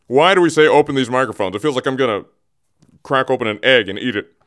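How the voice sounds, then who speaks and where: A man's voice: medium pitch, quick pace, fairly bright tone. Rambling, jokey radio host man. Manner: rambling, jokey, teasing, restarts mid-thought. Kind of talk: casual radio monologue. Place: radio studio, also streamed on camera. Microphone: studio microphone.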